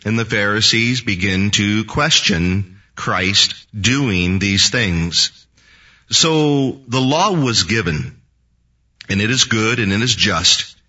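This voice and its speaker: A man preaches slowly and deliberately, lingering over each phrase. His fairly low voice has a bright, forceful edge. The recording is dull and lo-fi, caught from some distance off the mic. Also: animated. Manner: slow, deliberate scripture reading and teaching. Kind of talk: sermon.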